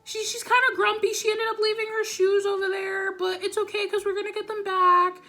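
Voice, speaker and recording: A fussy, apologetic woman teacher, as a young storyteller puts her on, with a high, sing-song, bright voice. She speaks in a breezy, soothing way. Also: flat delivery, brisk, soft background music.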